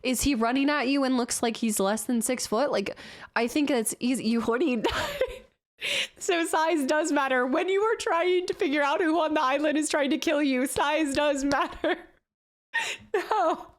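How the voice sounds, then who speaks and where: A woman does a casual live reaction stream, chatting freely at a normal speed in a voice that sits a little high. She laughs often and pokes fun at herself along the way.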